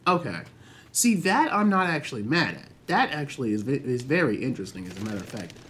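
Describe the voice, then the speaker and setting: A young man casually commenting on his own gameplay, chatty and excitable, swearing freely and reacting loudly to what happens on screen. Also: mid-range voice, fast talker. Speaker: gaming channel host.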